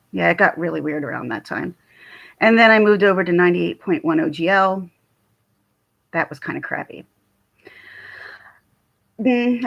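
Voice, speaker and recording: A woman's voice: medium pitch, gravelly, fairly bright tone. A middle-aged woman with a Philadelphia accent, chatting casually on a livestream and answering viewer comments. She is chatty, laughs often, and trails off and restarts. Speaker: livestream host. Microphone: phone or webcam livestream.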